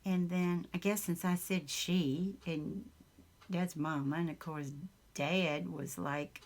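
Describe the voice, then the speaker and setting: Chatting casually as she crafts in her home craft room, a craft vlogger with a Southern US accent rambles along. Her voice is lowish, and she chuckles often and fills pauses with ums.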